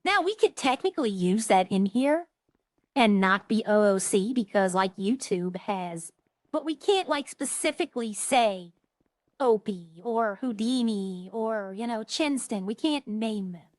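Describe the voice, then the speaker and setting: A woman's voice: medium pitch, a little slow, dry recording. A woman streamer chatting casually and rambling through stories while she plays a role-play game. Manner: rambling, chatty, animated when retelling stories.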